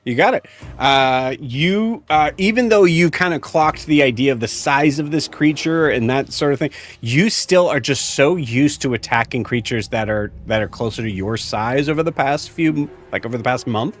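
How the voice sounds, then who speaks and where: A man narrating as game master of a tabletop role-playing game, casual and halting with many fillers. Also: mid-range voice, expressive.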